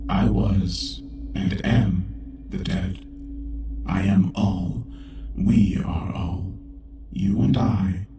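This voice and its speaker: A man voicing an eerie disembodied computer intelligence that speaks slowly in a hushed, cryptic way. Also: low-pitched, steady tone, reverberant, far from the mic, background noise, full character voice.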